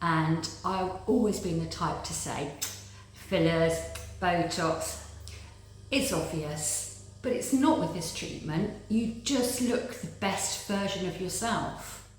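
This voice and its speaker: A woman's voice: lowish voice, takes it slowly. A middle-aged woman giving an earnest, chatty patient testimonial, repeating words like "very, very". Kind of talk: casual interview testimonial. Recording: very echoey room with faint noise.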